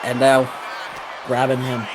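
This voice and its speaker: A man giving excited play-by-play commentary on a wrestling match, calling moves quickly and shouting on near falls. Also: medium pitch, a crowd in the background, noisy background.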